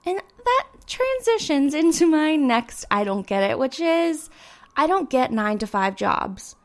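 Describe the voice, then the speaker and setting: A young woman with a slightly high voice talks through a casual solo podcast monologue. She rambles in a chatty, animated way, full of fillers. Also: measured pace. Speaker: podcast host. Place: indoors with sirens outside.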